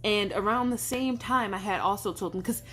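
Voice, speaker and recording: Woman vlogger, loose chatty storytelling, acts out dialogue, mid pitch. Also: moderate pace, fairly bright tone, slight background noise. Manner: rambling, filler-heavy, acts out quoted dialogue. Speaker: vlogger telling a personal story. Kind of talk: casual storytime chat.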